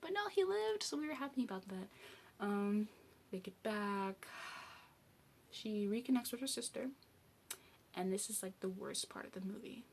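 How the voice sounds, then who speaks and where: A woman's voice: medium pitch, normal speed, long pauses, a little hiss or hum. A young woman reviewing a movie on her channel, retelling the plot in a loose, rambling way full of "like" and "um". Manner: rambling, chatty, heavy use of "like" and "um". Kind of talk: casual spoken movie recap.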